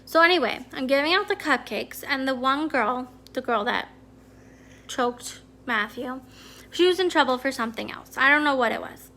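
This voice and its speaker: Woman, high voice, bright tone, homeschooling mom, casual vlog chat, candid and chatty. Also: animated, normal speed, gravelly, slight background noise. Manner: candid, chatty storytelling with many fillers. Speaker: homeschooling parent and consultant. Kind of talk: casual personal vlog talk.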